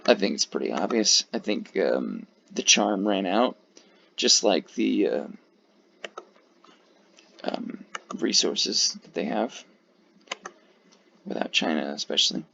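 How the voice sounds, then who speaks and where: Gravelly, tired man rambling casually. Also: sits low, very animated, takes it slowly, long pauses, sharp tone. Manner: rambling, profane, many fillers. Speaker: video creator ranking flags. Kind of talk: casual commentary. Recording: dull lo-fi mic.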